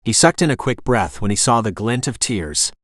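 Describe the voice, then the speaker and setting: An audiobook narrator, a man with a middling pitch, reads a scripted romance novel at normal speed with a steady, even delivery. The recording is dry and close, with no room sound.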